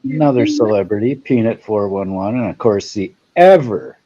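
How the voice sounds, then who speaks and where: A man's voice: lowish voice, expressive, moderate pace, dark tone, dull audio. A man hosting a casual livestream chat, joking and greeting viewers by name. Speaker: livestream host.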